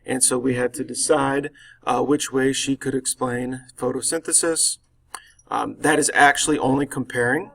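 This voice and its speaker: A man's voice: mid-range voice, fairly even intonation, normal speed, gravelly, fairly bright tone. A man teaching a grammar lesson, explaining each answer step by step and reading the example sentences aloud. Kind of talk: recorded grammar lesson walkthrough.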